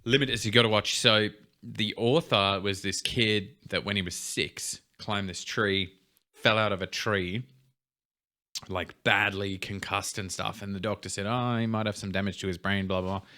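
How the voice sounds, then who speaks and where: A young man co-hosting a casual podcast, explaining things in loose, relaxed run-on sentences. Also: lowish voice, normal speed. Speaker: podcast co-host. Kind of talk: casual chat.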